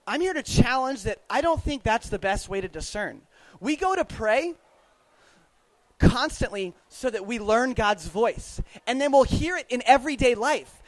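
A man's voice: very high-pitched, animated, normal speed, no echo, poor audio. A man, a youth minister, giving a casual, chatty faith talk, laughing often and putting questions to the audience.

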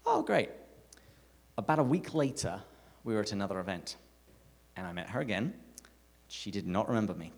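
A man's voice: on the low side, brisk, long pauses. English man speaking in an echoing hall. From England. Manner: animated, self-mocking humour. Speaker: speaker at a parish talk night. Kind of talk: live talk with storytelling. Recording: echoey hall reverb.

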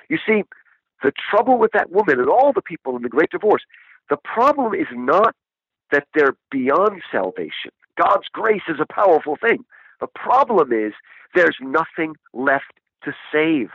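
A man's voice: fairly high pitch, very animated, moderate pace, husky, no echo. An enthusiastic man, a guest discussing a book, talking animatedly and asking rhetorical questions, over a dull, dry lo-fi recording. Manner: enthusiastic, rhetorical, repeats "right?".

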